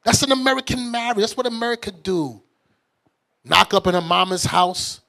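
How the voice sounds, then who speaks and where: A man's voice: high voice, moderate pace, gravelly, pushed and bright. A man preaching as a bishop in a fiery, mocking, blunt sermon style. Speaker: bishop and teacher.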